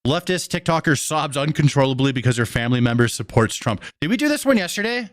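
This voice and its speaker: A man's voice: a little high, sing-song, fast. A man hosting a reaction stream, giving blunt, profane running commentary.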